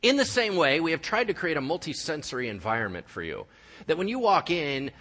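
A male pastor preaching a sermon in a church, animated and joking with his congregation. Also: on the high side, a little fast. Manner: animated, jokey, talks to the congregation. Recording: live church hall with long reverb.

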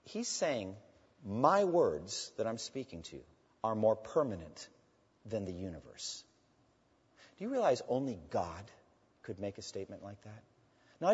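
Man preaching in a reverberant hall. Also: breathy edge. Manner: preaching with rising emphasis on quoted scripture, dropping low on asides to "friends". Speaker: pastor. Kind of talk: sermon. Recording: dull reverberant hall sound.

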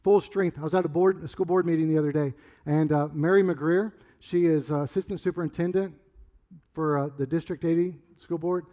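A middle-aged man preaching a sermon in a loose, conversational way, rambling through stories and sometimes shouting. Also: on the high side, steady tone, fairly quick, muffled recording. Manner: conversational, rambling storyteller with sudden loud outbursts. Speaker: pastor.

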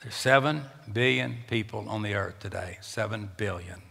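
A man's voice: lowish voice, moderate pace, gravelly, bright, forceful tone. A man preaching a sermon as pastor in a church, emphatic and repeating words for stress. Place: church sanctuary. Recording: long reverb of a large church.

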